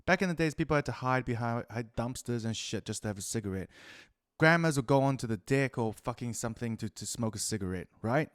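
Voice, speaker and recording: A man with a New Zealand accent ranting profanely through a rambling solo monologue, swinging between loud outbursts and muttered asides. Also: mid-range voice, animated, fairly quick, clean tone, dry recording, studio quality. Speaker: podcast host.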